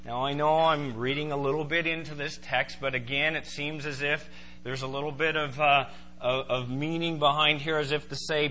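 A man preaching a sermon to a congregation, emphatic and animated. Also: medium pitch, normal speed. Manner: emphatic, rising to loud exclaiming in voiced quotes. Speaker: pastor.

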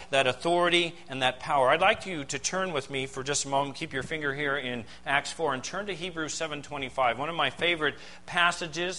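Man, pastor, sermon, emphatic, rhetorical questions, highish pitch, bright tone. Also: poor audio. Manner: emphatic preaching with dramatic pauses and rhetorical questions.

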